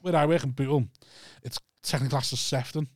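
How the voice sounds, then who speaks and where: A Scouse man chatting on a podcast, rambling and repeating words as he tells taxi stories. His voice sits at an ordinary middle pitch and sounds close and dry on the studio mic. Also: steady tone, quick pace, a little mellow, no echo. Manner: rambling, repeats himself, laughs easily. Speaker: taxi driver guest. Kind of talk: casual podcast chat.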